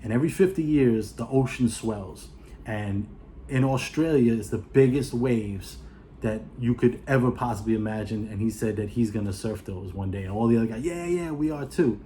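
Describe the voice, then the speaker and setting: Fairly low-pitched and mellow, a man's voice comes through with slight background noise as he loosely recounts a movie's story for his video review. His telling rambles, peppered with "you know" and "uh," and he voices the characters' lines in quick asides.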